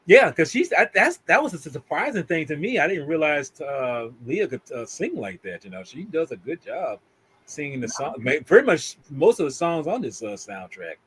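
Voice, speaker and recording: A man's voice: fairly high pitch, sing-song, normal speed, fairly bright tone, slight background noise. A man co-hosting a casual movie review chat, mostly answering with short agreements. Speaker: podcast co-host.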